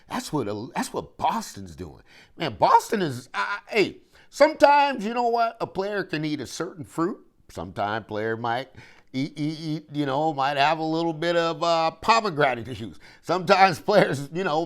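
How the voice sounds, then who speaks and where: A man's voice: on the high side, normal speed. Guy hosting his own sports podcast, aave, swoops up and down a lot, preachy and fired up. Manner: animated, preachy, repeats phrases, talks straight to listeners. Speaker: podcast host. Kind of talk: solo sports commentary podcast.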